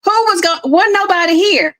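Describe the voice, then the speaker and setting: A high, bright-voiced woman tells a story in casual chat. She is animated and laughs often, calling her listeners "girl". She is a middle-aged host talking from her home office. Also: a little fast, poor audio. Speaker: podcast host.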